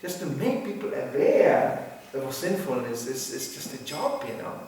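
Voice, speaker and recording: Older man, animated, in an echoey room. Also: medium pitch, a little slow, slight background noise. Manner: animated, theatrical, acts out voices. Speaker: spiritual teacher. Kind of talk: informal religious lecture. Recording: echoey room, mic at a distance.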